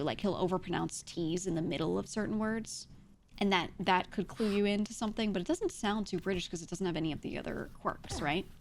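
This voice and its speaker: A woman streamer rambles in casual chat, pitched a little low for a woman. She swears freely and laughs often, with a faint hiss behind her voice.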